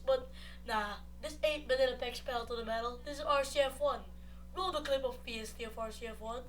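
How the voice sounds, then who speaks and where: A woman commentating on a racing league, muttering asides between shouted, excited play-by-play. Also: sits high, brisk, over music. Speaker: race commentator.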